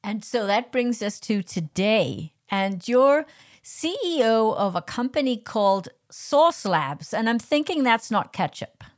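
A woman's voice: on the high side, very animated, measured pace. A woman hosting an interview, asking curious questions with light humor. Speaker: podcast host. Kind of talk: interview conversation.

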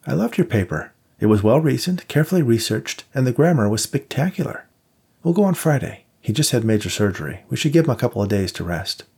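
A man's voice: medium pitch, big pitch swings, fast, a little mellow, breathy edge, pitched above the performer's own voice, full character voice. A man voicing a quirky, insistent woman professor who performs magic on the side, in an audiobook. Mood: playful.

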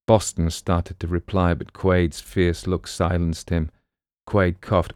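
Man, audiobook narrator, deep voice, steady, dry close sound. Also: unhurried, no echo.

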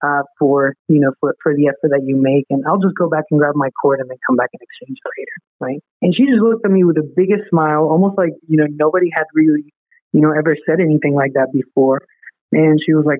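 Telling a story as an interview guest on a podcast, a man speaks in a slightly high voice with no echo over a tinny, phone-quality line. He's fast and earnest, and "right?" shows up in sentence after sentence.

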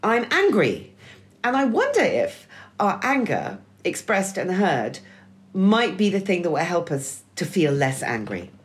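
Middle-aged woman podcast co-host, wry and emphatic, lower voice with very lively pitch. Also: unhurried. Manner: wry, emphatic, swearing freely. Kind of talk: scripted-sounding conversational essay.

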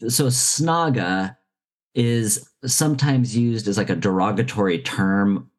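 A co-host in casual discussion, animated, with quick asides and frequent laughter. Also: medium pitch.

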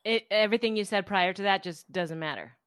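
A woman's voice: mid-range voice, fairly quick, fairly bright tone, smooth. A woman podcast host reacting with gushing exclamations to her guest. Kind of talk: conversational podcast interview.

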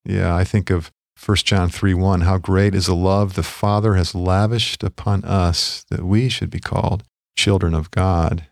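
Low gravelly man, gentle pastoral talk. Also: fairly even intonation, unhurried, no room sound, studio quality. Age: middle-aged. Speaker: podcast co-host. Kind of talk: reflective Christian podcast conversation.

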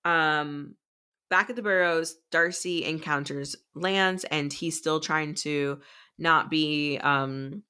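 A young woman co-hosting a podcast, chatty and animated as she recaps a book, swearing freely. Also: low-pitched, takes it slowly, clear, resonant tone. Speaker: podcast co-host. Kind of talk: casual book discussion.

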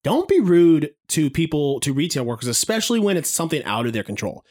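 A man's voice: a little high, very animated, quick pace, darkish tone. A man co-hosting a casual podcast, ranting with exasperation about his retail job. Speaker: podcast co-host who works in retail. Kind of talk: casual chat.

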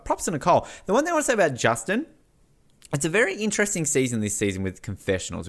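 An Australian man talking casually on a podcast, his voice swinging widely between high and low. He is animated and playful, often slipping into little acted-out quotes. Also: fast. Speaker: podcast host. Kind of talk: casual chat.

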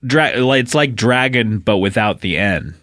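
A man's voice: on the low side, animated, measured pace, a bit bright, no room sound, clean studio sound. A man co-hosting a podcast, chatting in casual comedic banter, playful and teasing, laughing often. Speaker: podcast co-host.

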